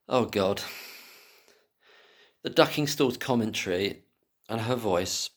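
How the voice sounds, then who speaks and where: Speaking alone with fiery conviction, a man with a lowish voice swears without restraint, his tone lurching from furious ranting down to mutters.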